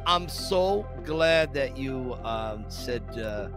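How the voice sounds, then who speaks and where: A man co-hosting a podcast in casual, animated chat, enthusiastic and laughing often. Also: mid-range voice, very slow, music in the background. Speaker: podcast co-host.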